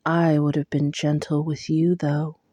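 A woman voicing a wild male fae lord in a low, slow, breathy growl. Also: little pitch movement, mellow, no room sound. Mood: seductive.

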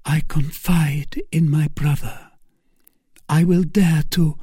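A man's voice: high voice, takes it slowly, dark tone, breathy edge, no echo, studio quality, pitched above the performer's own voice, heavily acted. Milady, a pleading seductive prisoner, as a man reads her. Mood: coaxing. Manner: tearful, imploring, theatrically devout. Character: seductive scheming woman prisoner, pleading and pious. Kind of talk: audiobook character voice.

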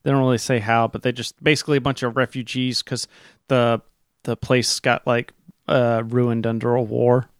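Casual male game master, smooth and dry, pausing often with fillers. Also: medium pitch, flat delivery, dry recording. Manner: casual, halting, with many fillers. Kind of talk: explaining game rules to players.

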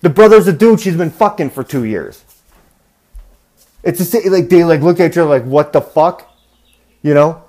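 A man's voice: a little high, lively intonation, moderate pace, long pauses, dark tone. Profane rambling man telling stories. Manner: profane, rambling, acts out quoted voices. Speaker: podcast host. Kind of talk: casual storytelling monologue.

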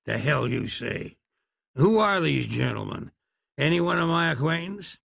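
A man's voice: fairly high pitch, expressive, gravelly, fairly bright tone, dry recording, exaggerated voice. Man doing Doc Holliday, a drawling gunslinger. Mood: wry. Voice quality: Western drawl. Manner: wry, unhurried and folksy. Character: drawling, sardonic gunslinging Western dentist, man.

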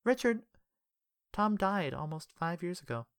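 Woman reading a chatty kind friend lady, a bit higher than her own voice, dry. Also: expressive, unhurried, clean tone, dry recording. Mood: gentle. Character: warm talkative woman, old friend. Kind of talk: audiobook character voice.

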